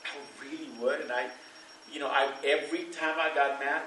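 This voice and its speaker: A man's voice: on the high side, fairly even intonation, normal speed, bright, forceful tone, reverberant, far from the mic, a little hiss or hum, poor audio. A middle-aged man preaching a sermon to a church congregation, in a loose, conversational way, with fillers and bursts of laughter. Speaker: pastor.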